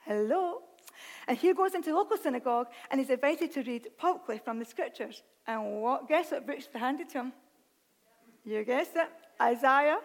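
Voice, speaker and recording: A woman preacher giving an excitable sermon, reading scripture and breaking into chatty, self-mocking asides. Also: sits high, in a large hall.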